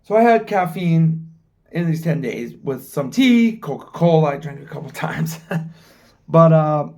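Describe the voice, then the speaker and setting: A man's voice: fairly high pitch, animated, measured pace, mellow. A man in his forties from the United States, talking frankly to his own camera in a rambling vlog and swearing freely. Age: 40s. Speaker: travel vlogger. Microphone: camera mic, filming himself.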